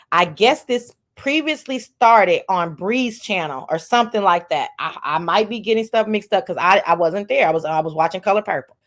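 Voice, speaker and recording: A woman hosting a casual chat show, loud and profane, acting out the people she quotes. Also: fairly high pitch. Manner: loud, profane and animated, acts out quoted voices. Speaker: host.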